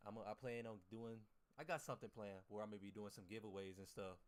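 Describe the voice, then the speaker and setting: A man's voice: on the low side, quick pace, few pauses. Casual profane man streaming to chat. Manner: loose, profane slang, talks to chat, restarts often. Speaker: livestreamer and day trader.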